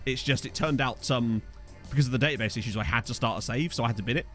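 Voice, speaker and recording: A man's voice: medium pitch, quick pace, a bit bright, soft background music. A tired man chatting casually as a game streamer, rambling and self-deprecating while answering viewers, with lots of fillers. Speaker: gaming streamer. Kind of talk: casual let's-play chat reading viewer comments.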